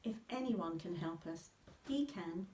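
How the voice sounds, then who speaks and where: A woman doing a shouting, desperate farmer dad. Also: lively intonation, a little slow. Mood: urgent. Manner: high, loud shouting. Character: angry farmer father, loud and desperate. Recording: echoey room, voice from a distance.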